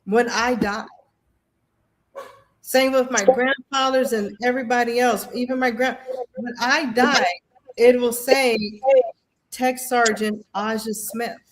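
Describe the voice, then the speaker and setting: A woman, a veteran guest, earnestly sharing personal stories in an animated way, often restarting her sentences. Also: on the high side, takes it slowly, long pauses. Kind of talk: casual personal storytelling.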